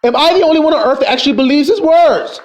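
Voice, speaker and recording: A man's voice: very high-pitched, animated, fast. A man preaching a profane, confrontational street sermon, scolding his listeners.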